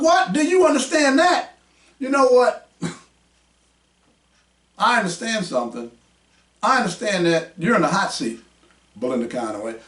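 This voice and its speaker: A man hosting his own podcast, combative and mocking, raising his voice to a shout as he rants. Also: sits high. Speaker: podcast host. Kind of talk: heated podcast rant. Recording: roomy echo, mic at a distance.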